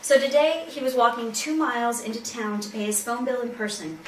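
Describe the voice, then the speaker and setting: A woman with a fairly high voice reads from a novel in a loose, giggly way. She is set back from the mic in a roomy space. A faint hiss sits under her. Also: fairly quick. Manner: informal, with many fillers and giggles. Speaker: co-host and reader. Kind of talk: casual reading and paraphrasing of a novel. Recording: roomy, distant amateur recording.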